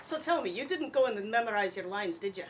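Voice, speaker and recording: A woman's voice: medium pitch, lively intonation, quick pace, distant mic, slight background noise. A woman hosting a live podcast webcast, teasing and joking with her guest. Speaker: podcast host. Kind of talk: casual live webcast chat.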